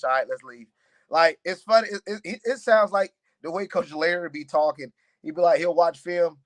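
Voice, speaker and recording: Animated young man telling fight stories. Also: fairly high pitch, normal speed. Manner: animated storyteller, many fillers like "man" and "you know". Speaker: fighter and podcast guest. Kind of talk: casual podcast chat.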